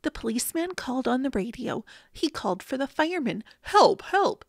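A woman reading a children's picture book aloud in an expressive way. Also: sits high, vocal fry, dry recording, studio quality. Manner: expressive, slow and lively. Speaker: storybook reader.

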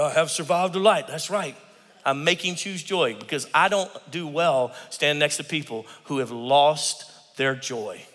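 A man preaching a sermon as pastor, animated, acting out quotes and swinging from hushed tones to shouts. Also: a little high. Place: church sanctuary. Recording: church hall reverb.

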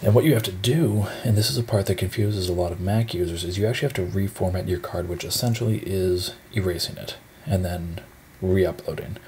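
A young man with a low, deep voice talks through a computer tutorial. He sounds relaxed and rambling, with plenty of fillers. A faint hiss of room noise sits under his voice. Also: a little fast. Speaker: shop owner giving a tutorial. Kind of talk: casual screen-recorded tutorial.

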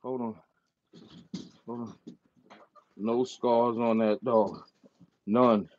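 Slow, taunting man ranting at his critics. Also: mid-range voice, steady tone. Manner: repetitive, insulting, slow and taunting. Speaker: dog breeder and channel owner. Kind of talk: angry rant to camera. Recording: dull lo-fi sound with faint noise.

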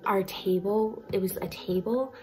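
A woman's voice: medium pitch, a little slow, darkish tone, faint music behind. A young adult woman telling a travel story to the camera in a casual, chatty vlog, with lots of fillers and small laughs. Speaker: vlogger. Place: indoors, facetime-style talking to camera.

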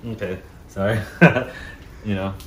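A man's voice: fairly low pitch, steady tone, slow pace, reverberant, a little hiss or hum. A young man vlogging his cooking at home, playful and chatty, talking straight to his viewers and laughing often. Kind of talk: casual cooking vlog. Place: home kitchen.

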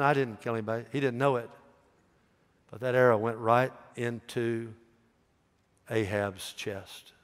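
A male pastor preaching a sermon, telling a story with animated voices and calling out questions to the congregation. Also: mid-range voice. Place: church. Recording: echoey church hall reverb.

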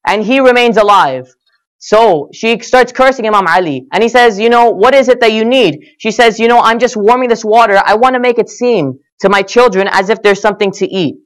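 A man's voice: high voice, a little fast, a bit bright. A man giving a sermon, telling stories earnestly and voicing the quoted lines with rising and falling emphasis. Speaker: speaker at a religious gathering. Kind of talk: sermon storytelling.

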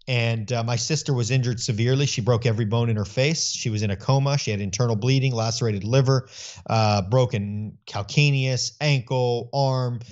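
A middle-aged man speaking earnestly in an interview, telling stories with animated voicing of his own thoughts. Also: medium pitch, highs cut off. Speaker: guest. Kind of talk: conversational interview.

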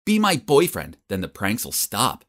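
A man's voice: on the low side, wildly swooping pitch, unhurried, fairly bright tone, heavily acted. Man voicing a pushy popular teen girl. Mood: demanding.

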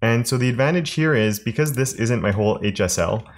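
A man teaching web development in a screen-recorded coding tutorial, thinking aloud in a relaxed way with fillers and restarts. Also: mid-range voice, a little fast.

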